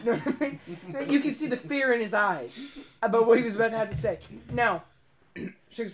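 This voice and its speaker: A woman's voice: fairly high pitch, quick pace. A young adult woman co-hosting a podcast, telling a story in casual, profane chat and laughing often. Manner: profane, laughing, swings between hushed and loud. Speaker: podcast co-host.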